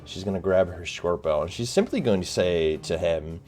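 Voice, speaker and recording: A man's voice: low voice, lively intonation, normal speed, darkish tone, faint music behind. A man narrating a tabletop game as game master, hesitant with many fillers.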